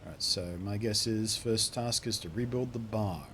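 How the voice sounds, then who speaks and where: A man's voice: on the low side, moderate pace, noisy background. Wry man commenting on a game. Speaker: streamer playing a game. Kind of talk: live gameplay commentary.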